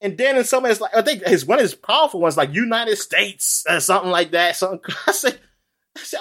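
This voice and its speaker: A man chatting loosely on a podcast, his voice a touch high and swinging widely in pitch. He rambles along with plenty of fillers and easy laughter. The tone stays informal throughout. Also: animated, brisk, a bit bright. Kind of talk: casual chat.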